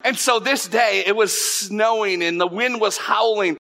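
A middle-aged man preaching a sermon, telling stories in an animated way with many restarts and asides to the congregation. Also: high-pitched, measured pace, gravelly. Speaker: pastor.

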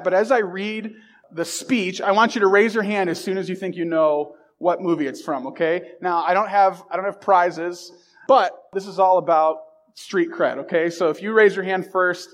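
A man speaking casually to a live audience in a room. He is chatty and self-deprecating and often restarts his sentences. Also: sits high. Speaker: speaker addressing a group.

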